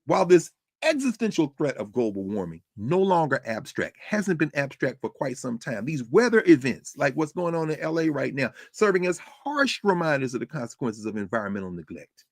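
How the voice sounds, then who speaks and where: A man's voice: mid-range voice, sing-song, normal speed, few pauses, dry recording, clean studio sound. A man hosting a podcast, delivering a rhetorical spoken essay with a preacherly cadence. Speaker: podcast host.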